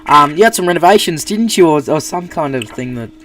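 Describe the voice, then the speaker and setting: Halting Australian news anchor, distant mic. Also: male voice, on the high side, lively intonation, a bit bright. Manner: halting, many fillers and restarts. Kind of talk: live streamed news coverage.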